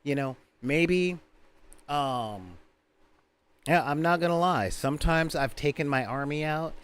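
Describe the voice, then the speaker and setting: A man with a somewhat high voice talks casually about tabletop games. He tells his stories in an animated way and drops into quick character voices as he goes. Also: smooth. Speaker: tabletop gaming channel host. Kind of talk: casual chat.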